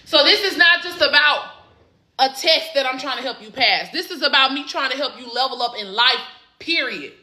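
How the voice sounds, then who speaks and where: Bright-voiced, excitable Southern woman coach. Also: high-pitched, normal speed. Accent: Southern American. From Southern United States. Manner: excitable, enthusiastic and encouraging. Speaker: exam prep coach. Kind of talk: live stream chat. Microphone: phone camera.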